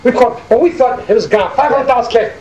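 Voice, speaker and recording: Elderly high-voiced New man storytelling. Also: fast, roomy sound, lo-fi sound, a little hiss or hum. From Hackensack, New Jersey. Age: older. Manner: animated, acts out quoted dialogue. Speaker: war veteran interviewee. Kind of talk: oral history storytelling.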